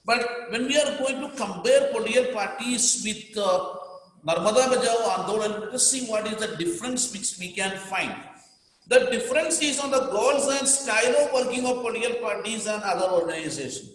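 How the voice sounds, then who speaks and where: Indian male teacher, high voice, emphatic and repetitive, booming hall reverb. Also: a little fast, a bit bright. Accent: Indian English. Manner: repetitive, emphatic, dictating to students. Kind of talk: classroom lecture.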